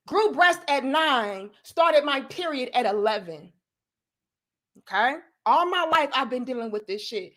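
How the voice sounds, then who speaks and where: A young woman talks straight to her live-stream viewers in a blunt, profane rant. Her voice sits high and sounds bright and forceful. She keeps stressing her points emphatically.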